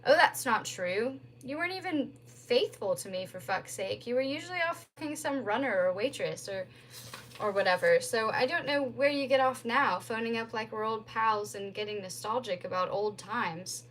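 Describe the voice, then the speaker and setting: Bitter, blunt young woman on the phone, read by a woman with a high voice, cutting and scornful. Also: expressive, normal speed, fairly bright tone, a little hiss or hum.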